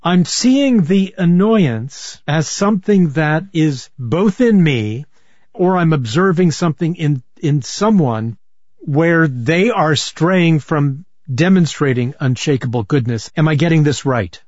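Measured male radio host. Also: fairly high pitch, lively intonation, a little mellow, no echo, lo-fi sound. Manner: thoughtful, measured questions. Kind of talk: public radio interview.

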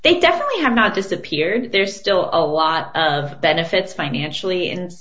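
Low-pitched woman guest, earnest. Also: lively intonation, normal speed, a bit bright, muffled recording. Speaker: interview guest, podcaster and relationship coach. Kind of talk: conversational interview.

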